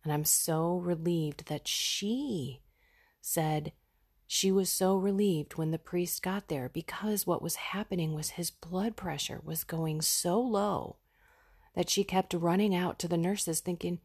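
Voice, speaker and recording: A woman's voice: lowish voice, slow, a little mellow, husky. A woman hosting a podcast, sharing a raw personal reflection in an earnest, heartfelt way. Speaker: podcast host.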